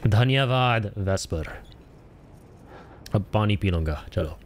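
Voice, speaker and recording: A man's voice: fairly low pitch, expressive, a little slow, a little hiss or hum. A man streaming a video game, joking and swearing in casual commentary and slipping in Hindi phrases. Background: game music.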